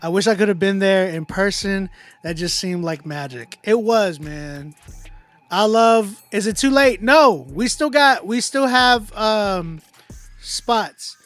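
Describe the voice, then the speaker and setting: A man hosting a casual livestream, chatting with viewers in slang and often trailing off into quiet mumbles. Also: high-pitched, lively intonation, takes it slowly, no room sound, faint music behind. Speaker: livestream host running a song battle.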